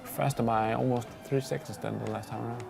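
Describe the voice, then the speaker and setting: A man's voice: mid-range voice, fairly even intonation, fairly quick, creaky. A man co-hosting a game livestream, dryly teasing the player and explaining how the cars handle. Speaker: livestream co-host and game commentator. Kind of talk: casual gaming commentary. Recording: game music audible behind.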